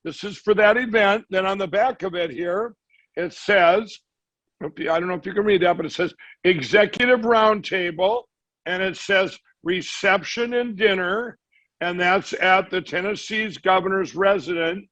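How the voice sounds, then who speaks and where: A man with a fairly high voice tells a rambling story, slipping into the voices of the people he quotes. The sound is dry and close, with slightly dull audio. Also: measured pace, fairly bright tone, no echo. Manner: rambling, acts out quoted dialogue. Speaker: guest. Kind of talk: storytelling in a conversation.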